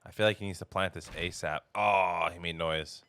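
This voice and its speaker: A man casting a live esports match while streaming, excitable and quick to exclaim. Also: sits low, clear, resonant tone.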